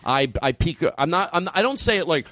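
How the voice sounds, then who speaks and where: A man's voice: on the high side, brisk, no room sound. A middle-aged man, a comedian and podcast host, rambling and interrupting himself in casual comedic banter. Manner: rambling, animated, self-interrupting.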